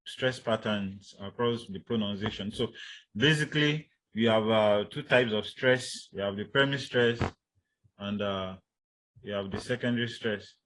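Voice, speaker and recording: A man lecturing university students, speaking deliberately, with many fillers and repeating his key points. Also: lowish voice, fairly bright tone, rough recording.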